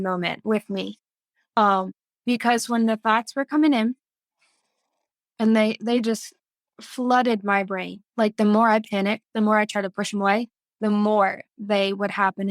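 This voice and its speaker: A woman speaks as a podcast guest, recounting her experience in an earnest, emotional way with plenty of fillers and restarts. Her voice sits at a middle pitch, recorded close and dry with no room sound. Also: dry recording. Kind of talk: personal story in an interview.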